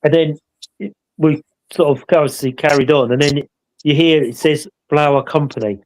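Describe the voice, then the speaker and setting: A man's voice: a little high, fairly even intonation, moderate pace, low-quality recording. A man telling a paranormal investigation story in a rambling, casual way, often adding tag questions to draw agreement. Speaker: paranormal investigator co-hosting a live show.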